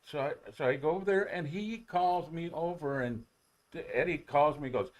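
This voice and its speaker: A man, a former ballplayer, telling rambling, animated stories on a sports talk show, with many restarts. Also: a little high, normal speed. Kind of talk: casual storytelling on sports talk radio.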